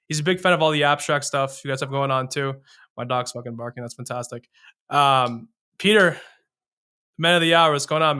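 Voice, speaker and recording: Host, male, higher bright voice, relaxed and joking, casual swearing. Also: smooth. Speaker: podcast host. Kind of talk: casual interview chat.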